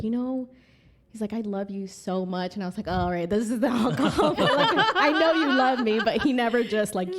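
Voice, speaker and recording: A young woman, a podcast guest, telling a story in casual chat, laughing often and acting out what people said. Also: medium pitch. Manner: animated, laughs often, acts out quotes.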